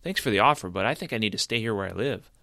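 A man voicing an eager young boy hero who asks questions and gets excited. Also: lowish voice, rapid-fire, vocal fry, dry recording, clean studio sound, heavily acted. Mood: earnest.

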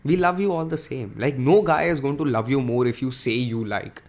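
A man's voice: medium pitch, normal speed. A young man hosting a casual solo podcast, ranting and joking with lots of swearing and Hindi phrases mixed in. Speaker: podcast host.

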